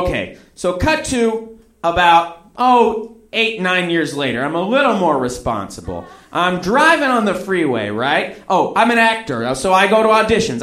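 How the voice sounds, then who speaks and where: A man with a slightly higher voice tells a personal story in a loose, rambling way. He acts out the other people's lines as he goes. The recording has a roomy echo. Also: sharp tone.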